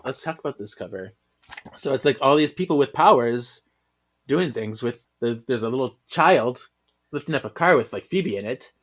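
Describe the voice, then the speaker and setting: A man's voice: medium pitch, expressive, moderate pace, fairly bright tone. A man co-hosting a podcast, casually describing comic panels, chatty and laughing a lot. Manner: chatty, laughs a lot, hesitant with fillers and restarts. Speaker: podcast co-host. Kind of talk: casual comic read-along chat.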